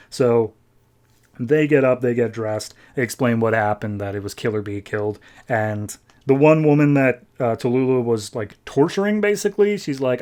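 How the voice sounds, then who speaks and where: A man hosting a podcast, casually recapping a comic issue and paraphrasing the characters in quick, chatty asides. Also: mid-range voice, expressive, darkish tone. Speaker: podcast host.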